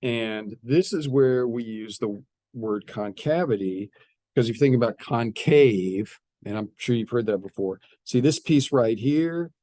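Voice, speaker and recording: A man's voice: medium pitch, a little slow, dark tone, no echo. A man teaching a math lesson, explaining step by step and often repeating his phrases. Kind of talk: classroom math lecture.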